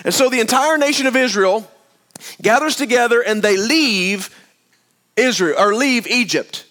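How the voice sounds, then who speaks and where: High-voiced man preaching a sermon. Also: animated, a little slow, bright, forceful tone. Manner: conversational storytelling, speaks directly to the congregation. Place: room with a gathered congregation.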